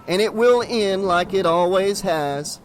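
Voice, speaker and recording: A man voicing a battle-worn male guardian with a cracked, rasping voice, grim and stubborn. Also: high voice, a little slow, a little hiss or hum, rough recording.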